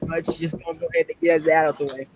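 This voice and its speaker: A woman's voice: low-pitched, little pitch movement, rapid-fire, slight background noise, poor audio. Blunt, wry woman player.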